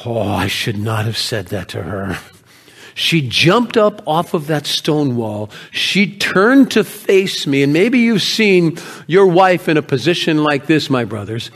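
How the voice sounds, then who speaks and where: An actor playing a grieving, proud male shepherd of ancient Bethlehem in a first-person monologue, telling his story with feeling and often dropping to hushed tones. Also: a little high, sing-song, a little slow, heavily acted. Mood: earnest.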